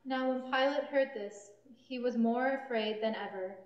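A woman reading the narration of a scripture passage at a church service, steady and clear. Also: fairly high pitch, normal speed, dull audio. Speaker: lay reader, narrator. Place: church sanctuary. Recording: echoey church.

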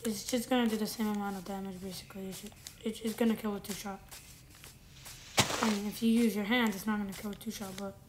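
Over loud background noise and clicking, a fast-talking woman with a medium, fairly even voice offers casual commentary as she plays a game, rambling and fixing her own statements while thinking aloud.

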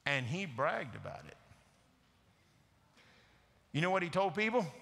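Bright-voiced preacher in an echoing sanctuary. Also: male voice, a little high, very animated, unhurried, creaky, long pauses. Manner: earnest, direct, questioning the congregation. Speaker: guest preacher. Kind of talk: sermon. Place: church sanctuary.

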